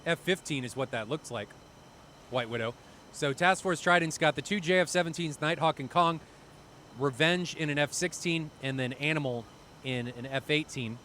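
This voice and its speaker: Excitable man commentating a flight-sim stream. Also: on the high side, moderate pace, a little hiss or hum. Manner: excitable, swearing, chatty and self-deprecating. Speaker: esports commentator.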